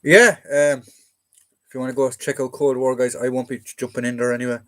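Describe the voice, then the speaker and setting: A man's voice: mid-range voice, little pitch movement, normal speed, a bit bright. A young Irish man hosting a casual militaria livestream, rambling and joking as he reads out viewer comments and questions. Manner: chatty, rambling, jokey, answers chat comments aloud. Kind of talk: casual live chat reading viewer questions.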